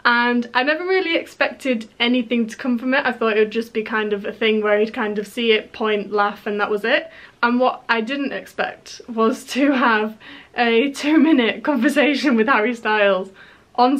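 A young woman from England chatting excitedly in a storytime vlog, full of fillers and restarts. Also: on the high side, low-quality recording. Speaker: YouTuber.

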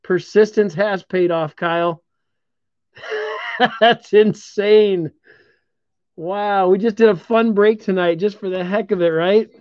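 Slow-talking man hosting a live card break. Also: high voice, fairly even intonation, no echo. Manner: upbeat, congratulating viewers while calling out cards. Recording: dull lo-fi stream audio.

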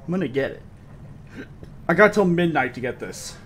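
A man's voice: a little high, animated, moderate pace, a bit bright, a little hiss or hum. A young man streaming a horror game and chatting casually with his viewers, swearing often. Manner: swears a lot, chats with viewers. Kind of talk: casual gameplay commentary.

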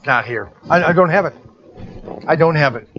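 A man's voice: a little high, lively intonation, slow pace, a bit bright. A man who runs a toy shop, muttering and sighing to himself in frustration as he talks casually to the camera. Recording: dull lo-fi sound with background noise.

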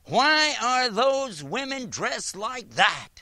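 Man doing a confrontational, insistent woman heckler, pitched well above his own voice, loud and pushy. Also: sing-song, takes it slowly, dry recording, studio quality, heavily acted. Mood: demanding. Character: harsh, demanding adult woman questioner.

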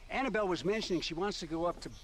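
An actor playing a lonely, doting old rancher in a western video game, talking in a folksy, gentle way. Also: male voice, high voice, racing, a little hiss or hum.

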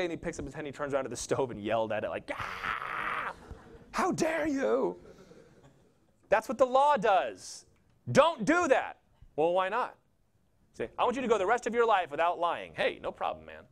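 A man pastor preaching a sermon in a conversational, jokey storytelling way, acting out quotes in little voices. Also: medium pitch. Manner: animated, acts out quotes and voices.

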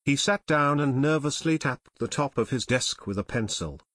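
A man narrating an adventure audiobook in a measured, even storytelling voice on a close mic. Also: mid-range voice, no echo.

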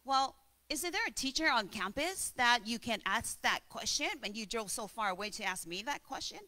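A woman voicing a calm male rabbi who answers with dry questions. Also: very high voice, normal speed, heavily acted.

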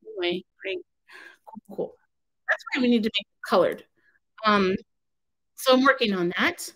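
A woman's voice: on the high side, big pitch swings, moderate pace, fairly bright tone, poor audio. A woman crafter on her own channel, talking casually in a rambling, exasperated, self-interrupting way from home. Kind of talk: casual vlog rant.

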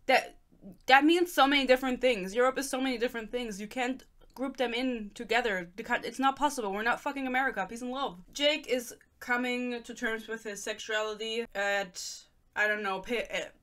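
Ranting young German woman, bright voice. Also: on the high side, fairly quick. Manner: sarcastic, ranting, reads excerpts aloud. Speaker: book reviewer. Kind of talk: casual rant.

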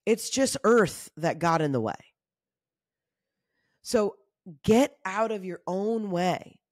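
A woman in her thirties hosting a motivational solo talk, candid, casual and animated, often saying y'all. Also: mid-range voice, takes it slowly, no echo, studio quality. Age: 30s. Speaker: podcast host.

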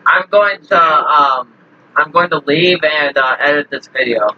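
A man's voice: a little high, unhurried. A man hosting a gaming video, teasing his friends and wrapping up with an outro. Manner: teasing, boastful. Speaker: channel host. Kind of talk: casual game chat and video outro. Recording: lo-fi mic with faint hiss.

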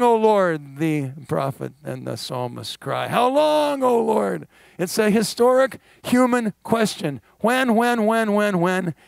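A middle-aged man preaching a sermon in church, animated with wry asides and quick laughs. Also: high voice, gravelly, no echo. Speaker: guest pastor. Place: church sanctuary.

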